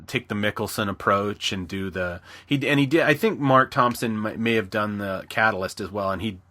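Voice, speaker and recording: A man co-hosts a podcast in easy, casual chat. His voice is bright and clear, and he rambles with frequent restarts, now and then slipping into a quick impression. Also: lowish voice. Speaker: podcast co-host.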